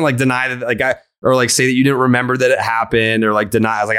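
A man's voice: medium pitch, fast, few pauses, fairly bright tone. A man telling a long story on a podcast, rambling and profane, filling it with "like" and quoting himself and others. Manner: rambling, profane, many "like" fillers, quotes himself. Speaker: podcast host.

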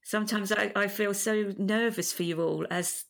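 Gravelly-voiced woman hosting a podcast. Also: medium pitch, steady tone. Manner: supportive, measured questioning. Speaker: podcast host. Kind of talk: conversational interview.

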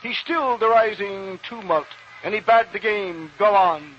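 A man giving a dramatic recitation of verse, declamatory, swinging between booming shouts and hushed, somber tones, on a hissy old radio recording. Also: measured pace, dull audio.

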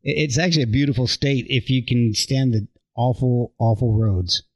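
A man's voice: medium pitch, normal speed. A man from Central New Jersey hosting a casual podcast, rambling with stammered restarts. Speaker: podcast host.

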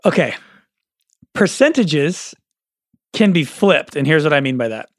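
A man's voice: on the high side, very animated, a little slow, dry recording, clean studio sound. A man co-hosting a podcast in casual chat, playful and teasing. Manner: playful, teasing, explains quips. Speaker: podcast co-host.

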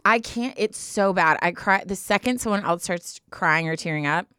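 A woman's voice: on the low side, sharp tone, smooth, no echo, clean studio sound. A young woman co-hosting a podcast, telling stories in casual chat with dramatic, emotional flair. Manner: emotional, dramatic storytelling, quick to laughs and tears. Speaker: podcast co-host.

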